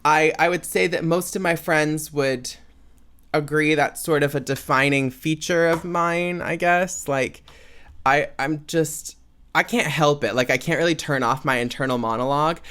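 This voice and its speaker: Talking at normal speed, a young solo podcast host has a slightly high, steady, clear and resonant voice with a bit of brightness. His casual chat rambles along, dotted with "like" and "um" fillers.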